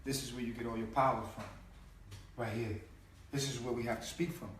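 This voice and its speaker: A man's voice: mid-range voice, steady tone, brisk, slight background noise. A man giving an impassioned spiritual teaching in slangy street talk, emphatic, repeating and stretching sounds to make his point. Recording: echoey room, mic at a distance.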